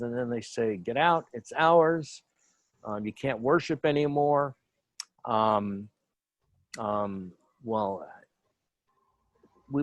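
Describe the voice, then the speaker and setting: On an online human rights panel, a man gives an informal, rambling lecture packed with fillers, asides and restarts. His voice is mid-range, and there is no room sound.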